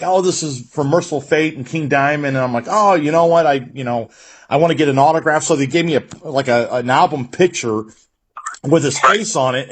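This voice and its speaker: A husky man in his regular radio-host role, talking in a relaxed, unpolished way. He rambles through anecdotes with plenty of swearing and stumbles, at an ordinary middle pitch. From United States. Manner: loose, profane storytelling with many restarts. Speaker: radio interviewer. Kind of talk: casual chat.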